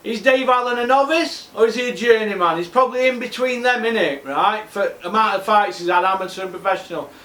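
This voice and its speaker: A man's voice: sits high, fairly quick, hardly any pauses, pushed and bright, roomy sound. A man hosting a boxing vlog, blunt and scornful, firing off rhetorical questions. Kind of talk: ranting monologue.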